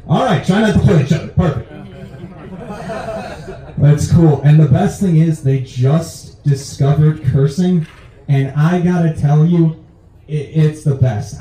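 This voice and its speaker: Echoey young stand-up comedian. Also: male voice, recorded from a distance. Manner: animated, jumps into high voices for his punchlines. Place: comedy club stage. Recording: very echoey club room, mic set back.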